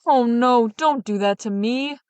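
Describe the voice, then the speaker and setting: Woman doing a frantic trapped churchman, shouting, storybook, dry. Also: medium pitch, lively intonation, brisk, no echo, lightly acted. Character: panicked man trapped in a chest.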